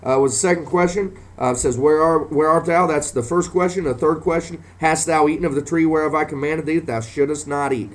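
Man, sermon, preacher, fervent, higher-pitched voice, constant amens. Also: fairly quick, few pauses. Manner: punctuates every phrase with "amen", rising to fervent emphasis.

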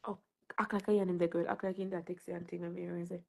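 A woman's voice: lowish voice, little pitch movement, fast talker, vocal fry. A woman with a Jamaican accent hosting a casual live stream, joking and laughing in patois.

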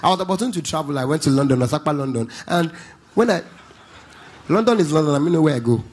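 A Nigerian comedian telling stories on a church stage, slipping into Pidgin and mimicking people. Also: male voice, fairly high pitch, lively intonation, fast, noisy background. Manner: storytelling, Pidgin asides, mimicking others. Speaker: stand-up comedian. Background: keyboard music.

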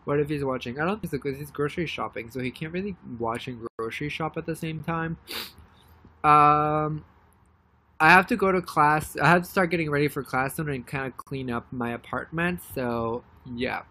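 A young woman chatting casually on a live stream, rambling and excitedly thanking viewers by name. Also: deep voice, normal speed. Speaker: livestreamer.

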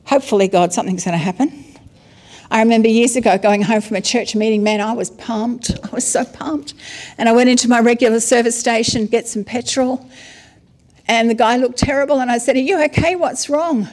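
A middle-aged woman preaching a sermon, telling stories in a lively, chatty way. Her voice sits somewhat high for a woman. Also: brisk. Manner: lively, conversational storytelling with acted asides. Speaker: apostle and preacher.

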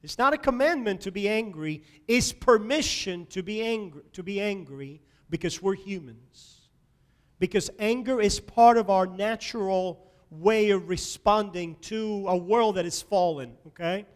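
High-voiced preaching pastor, man. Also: expressive, measured pace. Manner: emphatic preaching with sharp swings between loud and soft. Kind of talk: sermon. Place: church sanctuary.

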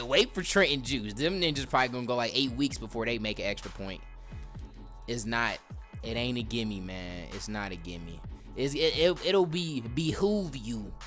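A man hosting a gaming video, giving excited gameplay commentary, shouting at big plays and trash-talking in slang. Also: mid-range voice.

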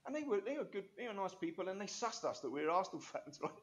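A man's voice: high voice, sing-song, fast talker, highs cut off, slight background noise. A man, an interview guest telling rambling, enthusiastic stories full of restarts and asides. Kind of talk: animated storytelling interview.

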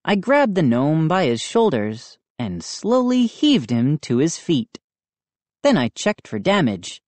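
A woman narrating a children's storybook in a low voice. She reads slowly but with a lively, swooping delivery. She is dramatic and expressive. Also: dry recording. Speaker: audiobook reader.

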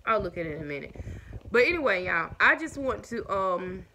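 A woman's voice: mid-range voice, big pitch swings, fairly quick, sharp tone, slight background noise, rough recording. Breathless chatty woman. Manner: chatty, addresses viewers as y'all. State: short of breath. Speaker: vlogger. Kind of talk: casual chat to viewers. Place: at home indoors.

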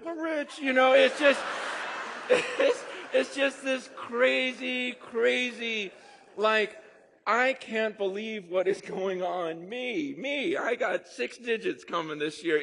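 A middle-aged man preaching a sermon, telling a personal story in an animated, excited way, with restarts and bursts of laughter. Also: on the high side. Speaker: pastor.

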